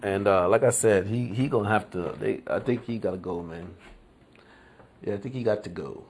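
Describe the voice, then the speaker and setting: The voice is a lowish, darkish male one with a little hiss or hum in the audio. An American podcast host, he meanders slowly through his opinions, restarting often and using fillers and laid-back slang.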